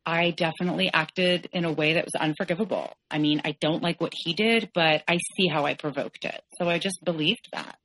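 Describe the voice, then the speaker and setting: A woman, a podcast guest, telling a personal story frankly, halting and correcting herself with many fillers. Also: low-pitched, fairly bright tone, a little hiss or hum, low-quality recording.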